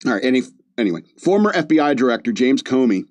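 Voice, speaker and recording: A man's voice: mid-range voice, big pitch swings, fast, darkish tone, no room sound. Rambling male podcast host, dry sound. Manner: rambling, loose delivery with many fillers and restarts. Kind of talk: casual movie review chat.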